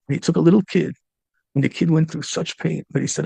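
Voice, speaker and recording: A man's voice: on the high side, steady tone, fast, gravelly, dark tone, husky, dry recording. A man, a rabbi, telling a story in a sermon with passion, repeating and restarting his phrases and mixing in Hebrew and Yiddish terms.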